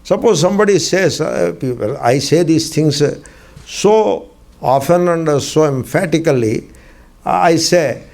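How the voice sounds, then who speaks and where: A man's voice: on the high side, a little slow, creaky, a little mellow. A man, a swami, teaching a spiritual discourse class, emphatic and fond of asking and answering his own questions, repeating key phrases with dry humor.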